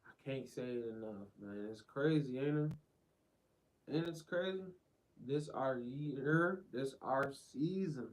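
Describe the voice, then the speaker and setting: A man hosting a livestream in loose, slangy casual chat. He repeats short phrases again and again like a chant, hyping up his viewers. His voice sits at a middle pitch. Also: a little mellow, poor audio. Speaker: livestream host.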